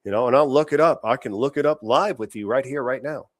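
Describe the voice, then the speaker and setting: A man's voice: mid-range voice, quick pace, dry recording, studio quality. A man hosting a podcast, giving blunt, profane political commentary. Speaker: podcast host.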